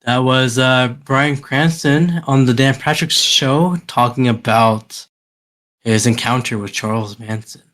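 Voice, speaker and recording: Slow-talking man hosting a podcast. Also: mid-range voice, fairly bright tone. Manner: unhurried, with fillers and laughs. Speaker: podcast host. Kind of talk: casual chat.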